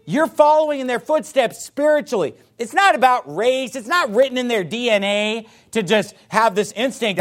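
Male pastor, emphatic sermon delivery, high voice with wide swings; reads scripture in old-fashioned wording. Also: expressive, normal speed, hardly any pauses, a bit bright. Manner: fiery, emphatic preaching.

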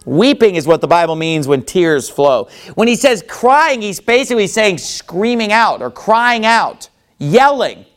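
Speaking a little slowly in a high voice, a man delivers a sermon as pastor. He poses many rhetorical questions with animated energy and quotes scripture in archaic language.

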